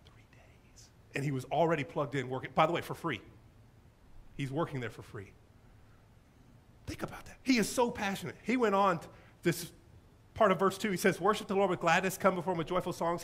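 Animated male pastor preaching. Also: fairly high pitch. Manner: animated storytelling, acting out quoted voices. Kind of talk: sermon. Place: church sanctuary.

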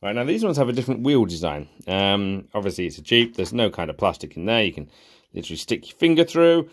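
A man's voice: on the low side, big pitch swings, quick pace. A young man giving sarcastic, exasperated casual commentary while reviewing cheap toys. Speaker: toy reviewer.

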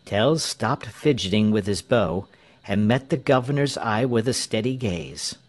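Slow, low-voiced male storyteller. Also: animated. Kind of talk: slow scripted narration for English learners.

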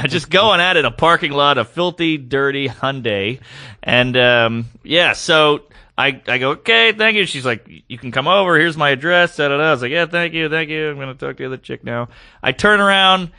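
A man's voice: fairly high pitch, normal speed. A man, a guest comedian, telling a comic story on a podcast and acting out the quoted lines in different voices. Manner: animated, acts out quoted lines in varied voices.

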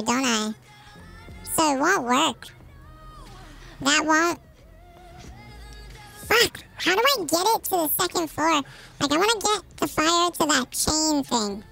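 A man's gameplay chatter comes out as a shrill cartoon chipmunk. It bounces all over the place, bright and gravelly, with a frustrated, joking edge. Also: exaggerated voice. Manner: exasperated, joking, swearing. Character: man's own talk sped-up chipmunk-style, male. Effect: high chipmunk pitch-shift voice filter. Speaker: streamer. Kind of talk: live gameplay commentary.

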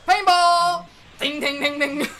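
A man's voice: extremely high pitch, fairly even intonation, slow, sharp tone. A man playing a fighting game with a friend, laid-back, teasing and laughing a lot. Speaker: co-player. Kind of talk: casual gameplay banter.

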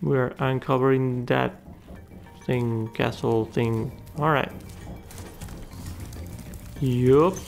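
A man's voice: medium pitch, steady tone, drawn-out words, vocal fry, long pauses, faint music behind. A man hosting a gaming channel, giving casual gameplay commentary and muttering and swearing at the game.

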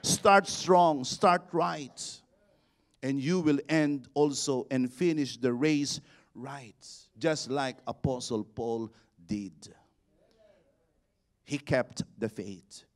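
Slow, emphatic preacher, man. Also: medium pitch. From Philippines. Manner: preaching with rising shouted exhortations and call-and-response. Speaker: bishop. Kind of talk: sermon.

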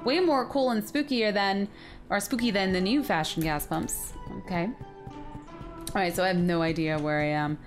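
A woman hosting a let's play, chatting excitedly and often sounding confused as she plays. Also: medium pitch, moderate pace, faint music behind. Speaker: gaming video host.

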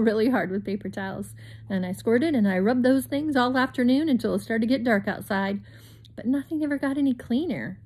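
A woman reading a children's chapter book aloud in an expressive storytime manner, pausing for chatty asides to young listeners. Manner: expressive, with bright leaps in pitch on exciting words.

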